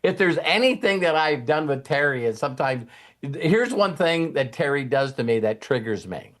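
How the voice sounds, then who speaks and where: Male host with a slightly high voice, rambling and animated casual motivational talk. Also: normal speed. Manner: rambling, animated, often acts out quoted people.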